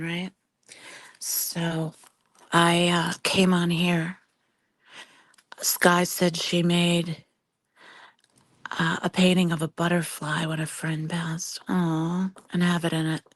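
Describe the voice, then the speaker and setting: Hoarse, soft-spoken grieving woman. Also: fairly low pitch, dry recording. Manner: soft-spoken, often half-whispering; tearful, grieving. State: hoarse, losing her voice. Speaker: livestreamer. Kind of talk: casual livestream chat. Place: home desk.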